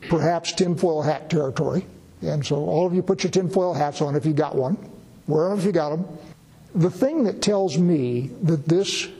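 A man's voice: a little high, warm tone, breathy edge. A man, a pastor, preaching a folksy, conversational sermon with asides to a gathered congregation. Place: church gathering in a borrowed building. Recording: long reverb of a hall.

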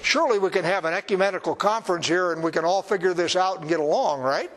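Man preaching, higher-pitched and conversational. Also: quick pace, fairly bright tone, poor audio. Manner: conversational, emphatic, with wry asides. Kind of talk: sermon.

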